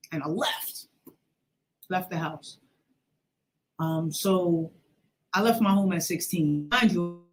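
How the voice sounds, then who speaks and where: A woman in her forties, hosting a show, telling a personal story with emotion and acting out the voices in it. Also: on the low side. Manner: emotional, acts out quoted voices. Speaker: host.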